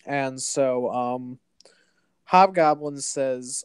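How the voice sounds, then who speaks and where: A man in a relaxed chat, walking a friend through a comic storyline with plenty of fillers and restarts. He stumbles and backtracks as he goes. The recording is dry and close, with no room sound. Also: on the high side, no echo. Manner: rambling, halting, with restarts and fillers. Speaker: host. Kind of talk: casual comic book recap chat.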